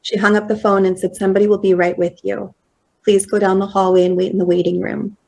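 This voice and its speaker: A woman in her thirties giving a personal storytelling talk at a conference, slow and measured, acting out quoted dialogue. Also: mid-range voice, a little mellow. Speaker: conference speaker. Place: conference hall.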